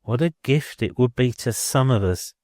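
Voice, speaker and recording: A man voicing a haughty, sarcastic lower-class landlady who speaks with lofty, ungrammatical scorn. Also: sing-song, unhurried, a little mellow, no room sound, clean studio sound.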